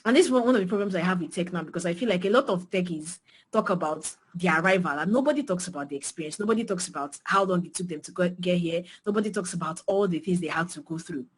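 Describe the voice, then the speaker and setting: A young Nigerian woman with a Nigerian accent gives a passionate motivational talk to beginner designers, emphatic and repeating phrases, her pitch and loudness swinging widely. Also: quick pace, slightly rough. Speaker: design mentor speaking to beginners.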